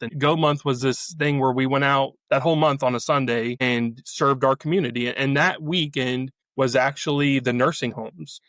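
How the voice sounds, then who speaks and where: A man's voice: mid-range voice, fairly bright tone, dry recording. A man sharing a personal faith testimony as a guest, often restarting and repeating words as he remembers. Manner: halting, repeats words as he recalls. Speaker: podcast guest.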